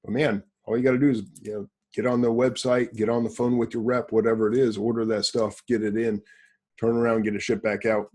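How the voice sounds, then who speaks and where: Blunt guy hosting a business podcast, husky voice, brags a bit, asks himself questions and answers them. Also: medium pitch, level tone, a little fast, a little mellow. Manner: blunt, boastful, rhetorical questions. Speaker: podcast host. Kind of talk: casual business podcast talk.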